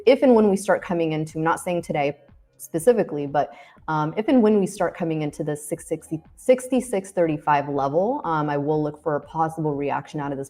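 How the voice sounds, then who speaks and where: A woman with a notably low voice walks through chart levels on a live trading stream. She is friendly and easygoing, and she explains each step plainly. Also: darkish tone. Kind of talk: casual market commentary.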